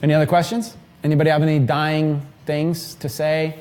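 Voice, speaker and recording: A man in his thirties giving an energetic, rambling live seminar talk to a small group in an event room. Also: a little high, fairly quick, clear, resonant tone. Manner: energetic, rambling, filler-heavy. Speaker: mastermind trainer.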